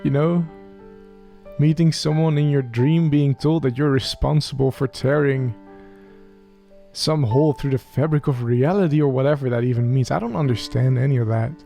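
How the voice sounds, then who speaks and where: A man hosting a role-played Minecraft let's play, talking softly and earnestly to a creature in the game. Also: medium pitch, steady tone, normal speed, gravelly, soft background music.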